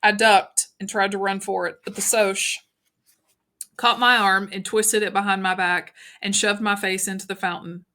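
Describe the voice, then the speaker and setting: A woman reading a novel aloud in an even, unhurried narration with small slips. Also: medium pitch. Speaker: audiobook narrator.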